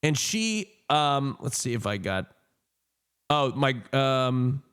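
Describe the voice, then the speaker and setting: A man's voice: mid-range voice, very animated, slow, a bit bright, clean tone. A man in his thirties telling a personal story on a stream. He rambles with many fillers, laughs and swears. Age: 30s.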